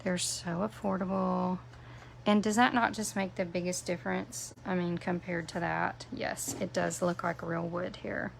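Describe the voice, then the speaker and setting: Woman, gravelly voice, unhurried, low-ish, chatty live craft tutorial host. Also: little pitch movement, a little hiss or hum. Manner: chatty, answers viewer comments by name; self-deprecating, playful asides. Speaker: craft demonstrator.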